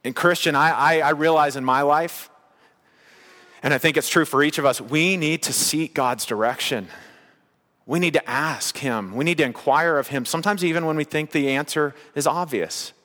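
Male pastor delivering a sermon; emphatic and rhythmic, slightly high pitch, church hall echo. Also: normal speed, sharp tone. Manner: emphatic, repetitive preaching cadence.

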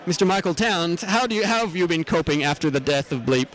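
Australian male host, slightly raised pitch, mock-earnest roving interviewer. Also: animated, quick pace, fairly bright tone, poor audio. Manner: mock-earnest, absurd questions. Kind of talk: comedic vox-pop interviews. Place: outdoor convention.

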